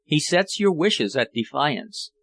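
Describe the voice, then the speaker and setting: A man's voice: on the high side, animated, slow pace, gravelly, a bit bright, no room sound, full character voice. A man voicing a passionate, scornful foreign suitor who speaks fervently and declaims his love. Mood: tender.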